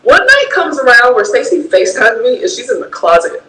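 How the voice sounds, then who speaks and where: Bright-voiced, high-pitched woman, dramatic casual storytelling, echoey room. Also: brisk. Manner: animated, dramatic, acts out dialogue.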